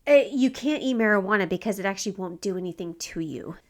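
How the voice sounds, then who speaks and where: A woman co-hosting a podcast in casual chat, animated and joking, often laughing. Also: mid-range voice, fast. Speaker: podcast co-host.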